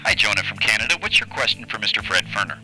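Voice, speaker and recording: A man's voice: on the low side, animated, quick pace, sharp tone, soft background music, low-quality recording. A man screening calls on a comic call-in show, upbeat, repeating each caller's question back.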